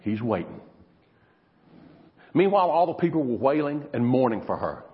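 A man preaching with a lively, rising and falling delivery, dropping to near-whispers for emphasis. The sound is slightly dull and lo-fi, with a long reverb tail from a big hall. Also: mid-range voice, normal speed. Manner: dramatic preaching, swinging from loud to hushed. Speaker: pastor. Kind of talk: sermon.

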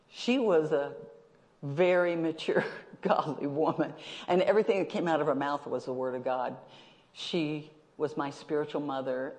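A woman's voice: low-pitched, darkish tone. Woman preacher, sermon, joking and chuckling, talks to the congregation, long hall reverb.

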